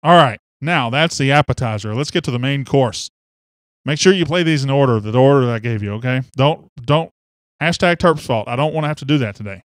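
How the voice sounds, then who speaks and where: Excitable man hosting a sports podcast. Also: mid-range voice, a little fast, no echo. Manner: excitable, teasing, jumps between loud and quiet. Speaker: podcast host. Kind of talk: casual sports podcast chat.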